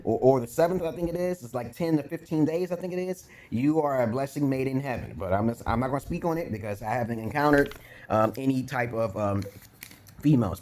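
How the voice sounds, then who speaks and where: A man's voice: medium pitch, fairly quick, darkish tone. Blunt profane man from Brooklyn. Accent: New York. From Brooklyn, New York. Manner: blunt, profane, rambling asides; chewing gum while talking. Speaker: vlogger giving dating talk. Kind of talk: casual profane monologue to camera.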